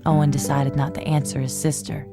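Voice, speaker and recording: A woman reading a bedtime story aloud to children in an expressive, lively way. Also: rumbling low, fairly quick, over loud music.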